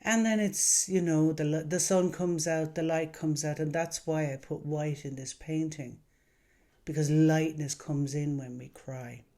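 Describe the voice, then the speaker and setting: A man who works as an emotional wellness coach, talking to camera in a gentle, earnest way with many pauses. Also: a little high, steady tone. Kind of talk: calm reflective monologue to camera.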